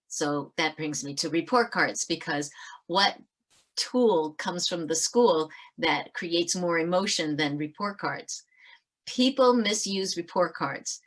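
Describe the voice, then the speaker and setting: A woman author giving a brisk webinar talk on parenting over a video call. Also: on the low side, a bit bright. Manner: brisk, talks fast to fit it all in. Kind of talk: webinar presentation.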